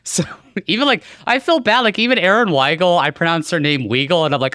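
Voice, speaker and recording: A male podcast host with a bright, lively voice that swings up and down a lot as he talks. He chats casually and playfully, in slang, and often makes fun of himself. The close mic sounds dry, with no room in it. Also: on the high side, quick pace, no room sound. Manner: playful, slangy and self-mocking. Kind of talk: casual interview chat.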